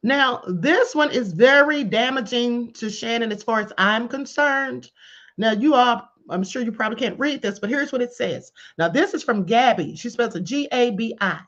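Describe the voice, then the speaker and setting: A woman hosting a casual commentary livestream, talking to her chat in an animated way and calling viewers beloveds and honey. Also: on the high side, normal speed. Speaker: livestream host. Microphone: computer or headset mic on live stream. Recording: dull lo-fi stream audio.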